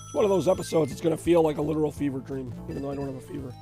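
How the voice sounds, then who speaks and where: A hoarse man with a sore throat, hosting a retro gaming stream in rambling, chatty commentary. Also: fairly high pitch, very fast, mellow. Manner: rambling, chatty, self-deprecating. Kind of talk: casual live-stream commentary. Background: faint game music.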